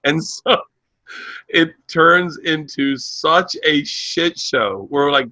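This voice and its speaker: A stand-up comedian, a man, in casual podcast chat, telling animated stories, acting out the people in them and breaking into big laughs. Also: mid-range voice, slow, dry recording. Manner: animated storyteller who acts out voices and laughs hard.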